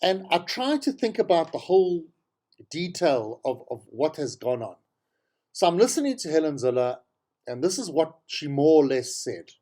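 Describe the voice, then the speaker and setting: Speaking at a moderate pace, a South African man hosting a talk show rants through the news in a political commentary monologue. He's sarcastic and fed up, hammering his arguments by saying them again. His delivery is lively, dropping to low mutters and climbing to disbelieving highs.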